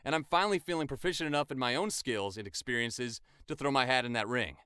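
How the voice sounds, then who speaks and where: A man's voice: medium pitch, fast, bright, forceful tone, clean tone, no echo, clean studio sound. A man in his twenties, a voice actor, chatting enthusiastically in a casual vlog. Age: 20s.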